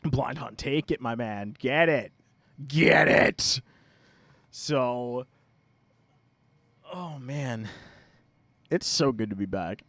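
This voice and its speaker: Animated Long Island man streaming games. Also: mid-range voice, very slow, long pauses, dry recording. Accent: Long Island New York. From Long Island, New York. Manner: chatty, laughs often, playful swearing. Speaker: game streamer host. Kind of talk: casual live gameplay commentary.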